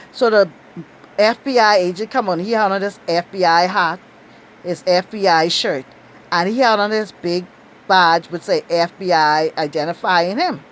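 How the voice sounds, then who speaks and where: A middle-aged Bahamian woman with a Bahamian accent, telling a lively, outspoken story and laughing often. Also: slight background noise. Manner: animated, outspoken, laughs often, acts out quotes in high bursts. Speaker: travel storyteller. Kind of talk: casual storytelling.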